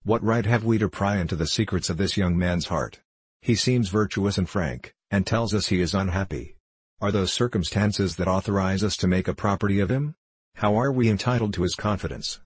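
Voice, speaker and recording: A man reading the part of a pious, dutiful young princess in a measured, solemn way, with a husky voice. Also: low-pitched, no room sound. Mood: grave.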